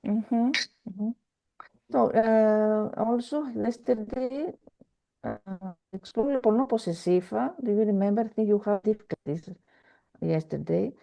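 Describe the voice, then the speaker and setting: A woman's voice: medium pitch, unhurried, vocal fry, warm tone, lo-fi sound, soft background music. A woman teaching a French lesson over a video call, patient and repetitive, with many fillers. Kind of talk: online language lesson.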